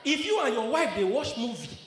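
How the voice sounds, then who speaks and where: A man with a Nigerian accent doing live stand-up, loud and laughing as he works the crowd. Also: very high-pitched, very animated, a little fast, a little hiss or hum. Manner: loud, laughing, mixes Nigerian Pidgin with English. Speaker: stand-up comedian. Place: live comedy venue. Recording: echoey live room, faint ambience.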